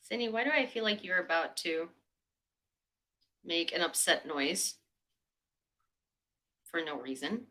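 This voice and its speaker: A woman's voice: on the low side, lively intonation, a little slow, pauses often, sharp tone, rough recording. A young woman from Ukraine, hosting a casual livestream in a chatty way, with many fillers and sarcastic asides. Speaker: livestream host. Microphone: desk mic.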